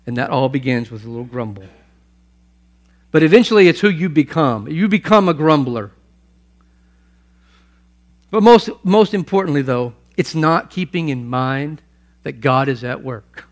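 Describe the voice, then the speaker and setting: A man preaching a sermon, emphatic, swinging between loud stresses and hushed asides and repeating phrases for weight. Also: on the high side, expressive, normal speed, long pauses. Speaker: pastor.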